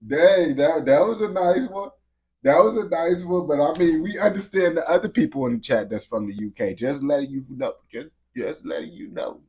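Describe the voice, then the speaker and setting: A man's voice: fairly high pitch, moderate pace, darkish tone, husky. A man livestreaming and chatting casually with his viewers, talking in heavy slang, repeating himself and laughing often.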